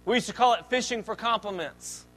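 A man's voice: high-pitched, brisk, fairly bright tone, soft background music. A man preaching a sermon as a pastor, reading scripture and explaining it in a conversational way with joking asides.

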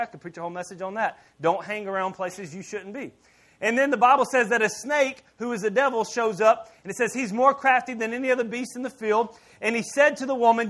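A man preaching a sermon in church as pastor, animated and joking with the congregation. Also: high-pitched.

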